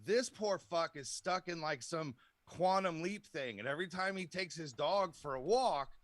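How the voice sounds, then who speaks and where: A man's voice: fairly high pitch, normal speed, fairly bright tone, no room sound. A man co-hosting a casual podcast chat, telling a long rambling story and laughing often. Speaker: podcast co-host.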